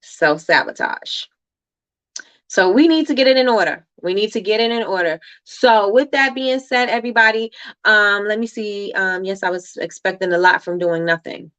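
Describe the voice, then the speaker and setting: With a medium-pitched, slightly bright, clean voice at a moderate pace, a woman runs a motivational livestream. She talks forcefully, echoes phrases for impact, and reads her viewers' comments aloud.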